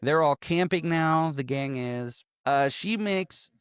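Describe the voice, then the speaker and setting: A man's voice: a little high, slow, clear, resonant tone, no room sound. A man casually recapping a comedy film, retelling scenes with acted-out quotes, swearing and laughing often. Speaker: podcast co-host. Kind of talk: casual movie recap chat.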